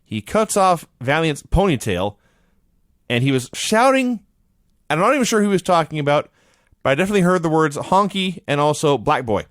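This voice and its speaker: A man's voice: a little high, sing-song, brisk, a bit bright, no room sound. A man co-hosting a podcast, retelling events in casual chat with dry understatement. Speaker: podcast co-host.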